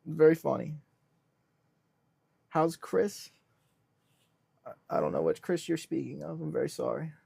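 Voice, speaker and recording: Gravelly high-voiced man hosting a livestream. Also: measured pace, long pauses, dry recording. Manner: deadpan self-styled businessman persona. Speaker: livestream host. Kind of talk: casual livestream chat reading comments.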